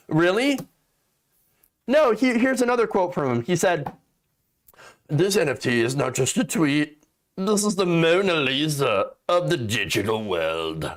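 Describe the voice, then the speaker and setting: Sarcastic, animated male political commentator. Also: a little high, a little slow. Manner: sarcastic, mocking, exasperated, swears freely.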